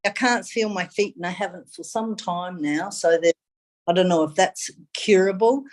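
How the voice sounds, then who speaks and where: A woman's voice: on the low side, moderate pace. Aussie woman on a call, polite and curious, wants to know how stuff works. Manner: polite, curious, asks careful questions. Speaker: caller. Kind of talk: casual phone consultation.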